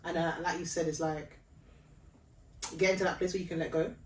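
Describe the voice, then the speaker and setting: Animated woman co-host in echoey room. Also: deep voice, fairly quick. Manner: animated storytelling with laughter and acted-out quotes. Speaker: podcast co-host. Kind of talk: casual faith conversation. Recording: echoey room, distant mic.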